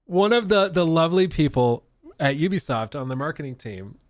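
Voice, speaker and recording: Guy streamer rambling casual, lively up and down voice, dry close mic, laughs a lot. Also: a little high, moderate pace, no echo. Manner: animated, laughs often, slangy. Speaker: livestream host. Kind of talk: casual live stream chat.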